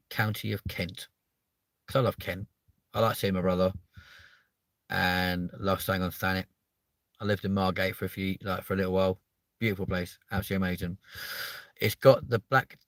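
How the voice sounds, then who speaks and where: A man's voice: low-pitched, fairly bright tone, no room sound. A young man, chatting casually to viewers on a live stream, rambling and swearing his way through stories.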